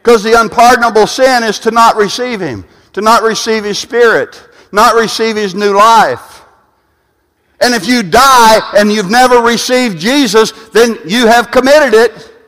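A man preaching a sermon, often repeating and restarting phrases and building to loud peaks. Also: high voice. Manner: repetitive, restarting phrases, rising to shouts at peaks. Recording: long hall reverb.

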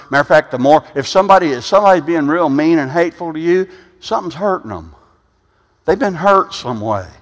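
A man in his sixties preaching an informal sermon, rambling and conversational with frequent "huh?" asides, swinging from quiet, low musing to loud, emphatic bursts. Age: 60s. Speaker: pastor. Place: church sanctuary. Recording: reverberant church hall.

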